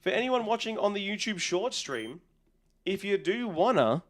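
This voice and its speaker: Talking at a normal speed, an Australian man streams a game and chats casually with viewers, answering their messages in a rambling way. His voice is high and swings widely in pitch.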